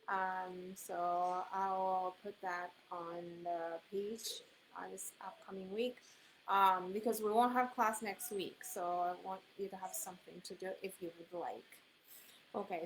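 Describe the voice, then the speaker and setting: A woman's voice: medium pitch, low-quality recording. Woman teaching a class over hiss. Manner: patient, explains slowly with many fillers. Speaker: Japanese language teacher. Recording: hissy background noise.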